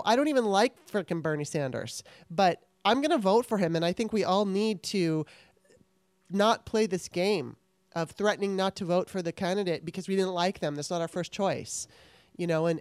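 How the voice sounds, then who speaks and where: A woman's voice: on the low side, a little mellow, dry recording. A woman podcast host and author, wrapping up an interview and talking to her listeners in a chatty, earnest way. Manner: chatty, earnest, laughs often. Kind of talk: casual interview and solo wrap-up.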